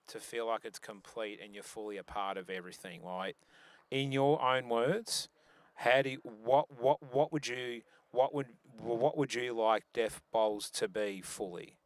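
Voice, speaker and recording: Chatty bowls commentator. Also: male voice, medium pitch, measured pace. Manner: chatty and joking, with many restarts. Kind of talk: live stream sports commentary.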